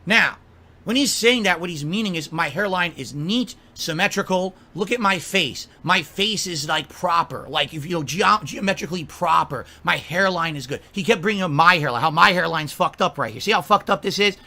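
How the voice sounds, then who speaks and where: A man's voice: sits high, lively intonation, normal speed, pushed and bright. A man delivering an angry, profane rant, scolding and mocking someone at length. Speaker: streamer.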